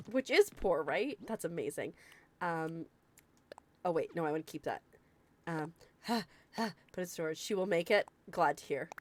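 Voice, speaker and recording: A woman chatting casually with viewers during a live game stream, excitable and quick to gasp and laugh. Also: fairly low pitch. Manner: excitable, gasping and laughing often. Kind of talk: casual live-stream chat while gaming.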